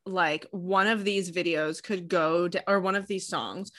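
A woman co-hosting a comedy podcast, teasing her guest and drawing out her questions. Her voice sits on the low side. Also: a little slow, fairly bright tone. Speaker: podcast co-host. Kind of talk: casual comedy podcast chat.

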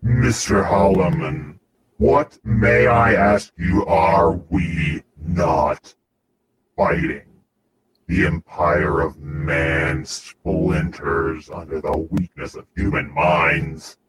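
A deep, slow-spoken machine-cult priest, as a man puts him on for a tabletop game, cold and arrogant, declaiming every word. The voice sits very low. A steady noise hangs behind it. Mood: grandiose.

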